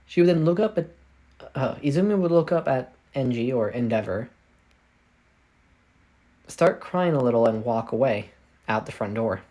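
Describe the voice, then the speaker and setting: A man's voice: medium pitch, lively intonation, moderate pace, long pauses, mellow. A man narrating his own fan story casually, rambling and correcting himself often. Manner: rambling, self-correcting, many fillers. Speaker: fanfic storyteller.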